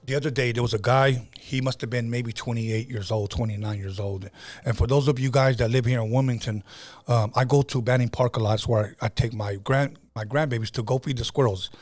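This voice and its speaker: A man's voice: medium pitch, steady tone, a little fast, darkish tone. Middle-aged man hosting a casual podcast. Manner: conversational storytelling with frequent fillers and restarts. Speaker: podcast host.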